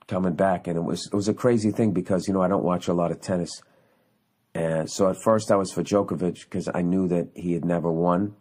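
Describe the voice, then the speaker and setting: A fairly low-pitched man in his forties talks alone into his podcast mic. He rants with heat and swears freely as he works through a long story, in the loose, rambling way of a casual monologue. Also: a little mellow. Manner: profane, ranting, heated storytelling. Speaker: podcast host.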